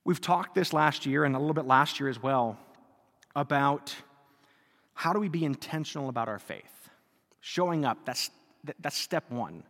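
Casting: a joking, self-deprecating priest in his thirties, bright high voice, echoing church. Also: animated, normal speed, pauses often. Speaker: Catholic priest. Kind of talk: sermon. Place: church before a live congregation. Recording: reverberant church hall.

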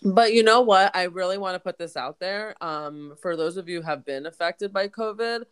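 A woman co-hosting a casual podcast, congested and hoarse-sounding, talking candidly and swearing freely. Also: lowish voice, normal speed, fairly bright tone. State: congested, voice deepened. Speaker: podcast co-host. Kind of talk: casual chat.

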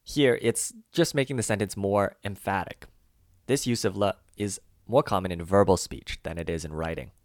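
A man co-hosting a language lesson, carefully walking through example phrases and slowing down on the key words. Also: sits low, no room sound, studio quality. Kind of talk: scripted explanatory lesson.

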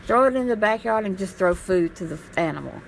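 A woman's voice: mid-range voice, animated, fairly quick, creaky, slight background noise, low-quality recording. A woman talking straight to camera in a casual vlog, blunt, rambling and impassioned, swearing freely. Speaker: vlogger. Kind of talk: casual monologue.

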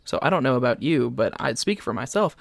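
A man's voice: medium pitch, expressive, a little fast, vocal fry, no room sound. Wry man co-hosting, dry close sound. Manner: wry, joking asides. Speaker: podcast co-host. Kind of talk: casual chat.

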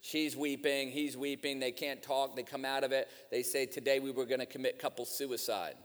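A man's voice: medium pitch, fairly even intonation, normal speed, big-room sound. A man preaching a sermon, telling stories and then urging his listeners with rising fervor. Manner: storytelling, building to fervent exhortation. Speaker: guest preacher. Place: church sanctuary.

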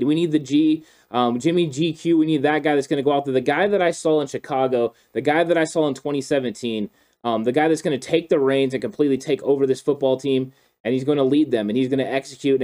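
A man's voice: medium pitch, darkish tone. A man co-hosting a football chat, speaking in a fired-up, emphatic way with lots of repetition. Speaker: co-host. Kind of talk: passionate football opinion chat.

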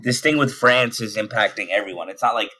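A man's voice: on the low side, brisk, bright, forceful tone, breathy edge. A man in casual chat, asking curious follow-up questions. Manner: curious, asks clarifying questions.

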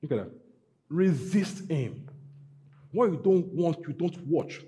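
A man preaching a sermon, emphatic and repetitive, building to loud exhortations. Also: fairly high pitch, expressive, fairly quick. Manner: emphatic, repeats phrases, rising to loud exhortations. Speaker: pastor.

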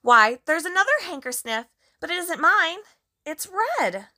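A woman's voice: very high-pitched, very animated, unhurried, pushed and bright, pitched above the performer's own voice, heavily acted. A woman voicing a curious, eager little girl in a storybook reading. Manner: eager, questioning. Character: curious little girl looking for her handkerchiefs.

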